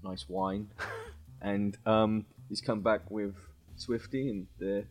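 A man, a player in a tabletop game, describing his character in a relaxed, hesitant way. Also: on the low side, slow pace, slightly rough. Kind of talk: casual tabletop play.

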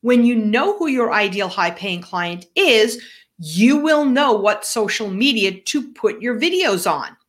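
A woman's voice: on the high side, lively intonation, measured pace. A woman with a New York accent co-hosting a podcast, giving direct coaching advice in a casual chat. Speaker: podcast co-host.

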